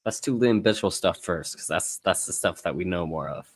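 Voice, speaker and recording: A man co-hosting a sports podcast, congested and coughing, giving brief low-key answers. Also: expressive, normal speed, breathy edge, no echo, studio quality. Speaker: podcast co-host. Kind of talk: casual sports podcast chat.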